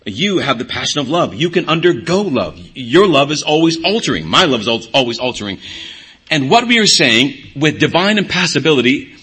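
Bright, husky-voiced male preacher. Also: fairly high pitch, big pitch swings, fairly quick. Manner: earnest teaching, repeats key words for emphasis. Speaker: pastor. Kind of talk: sermon.

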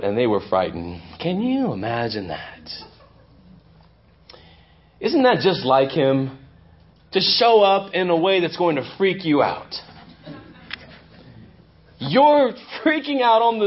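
A male pastor preaching a sermon, swinging between loud emphasis and hushed intensity. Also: high-pitched, lo-fi sound. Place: church.

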